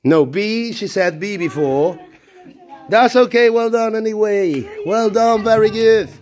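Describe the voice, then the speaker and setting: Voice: medium pitch, measured pace, a little mellow. A primary school teacher running an animal-word game in a classroom, praising and directing the children. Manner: encouraging, praising each child.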